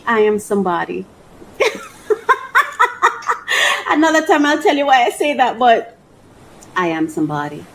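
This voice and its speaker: Excitable, high-voiced woman gushing on camera. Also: normal speed, long pauses, a little hiss or hum, poor audio. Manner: gushing, squealing and laughing with excitement; reflective and soft-spoken when sharing personal feelings. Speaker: vlogger. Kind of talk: casual emotional vlog.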